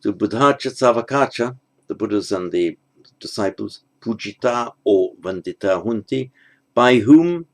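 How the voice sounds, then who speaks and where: In a fairly low voice, this man teaches grammar aloud, taking translation exercises step by step at a slow, deliberate pace and reasoning through them with pauses.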